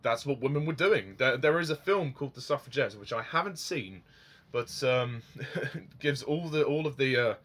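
A man's voice: medium pitch, expressive, moderate pace, a bit bright. A young man giving a casual film review, rambling with frequent ums and chuckling at his own remarks.

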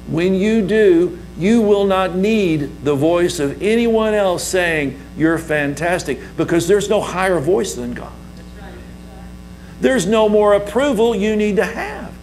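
Male pastor, emphatic sermon delivery with call-and-response, slow and swooping in pitch, faint hum on the recording. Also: darkish tone, rough recording.

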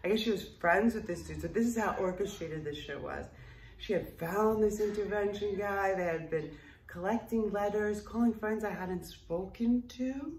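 A woman's voice: medium pitch, moderate pace, a little mellow, a little hiss or hum. Blunt, profane woman telling her story. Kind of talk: casual spoken memoir. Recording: roomy echo, distant mic.

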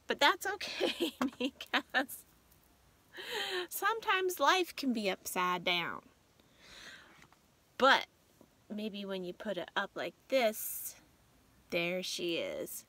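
A woman vlogger with a bright, ringing voice set a little high, talking slowly and unhurriedly. She chats casually and gushes sentimentally, stumbling a bit when she reads aloud. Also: sing-song, no room sound. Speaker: vlogger host. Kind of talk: casual vlog chat.

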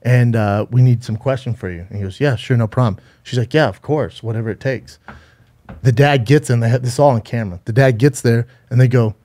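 A man co-hosting a podcast retells a story in loose, casual chat. His tone is warm and mellow. He swears freely and keeps restarting his sentences as he rambles along. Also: medium pitch, a little fast. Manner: rambling, profane, with frequent restarts. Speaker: podcast co-host.

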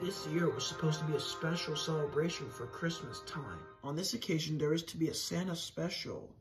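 A narrator reading a fan-made storybook tale in a measured, steady way. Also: mid-range voice, over music, low-quality recording.

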